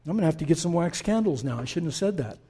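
A man preaching in a church with a fairly high voice. He is impassioned and direct with the congregation, swinging between hushed, quiet passages and loud, fervent peaks. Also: expressive, quick pace, breathy edge. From Middle East. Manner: direct, talks straight to the congregation. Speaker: pastor. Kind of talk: sermon.

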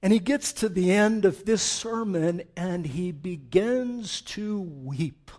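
A man preaching a sermon as pastor, reading scripture dramatically, swinging from loud declaiming to hushed tones. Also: high voice, takes it slowly.

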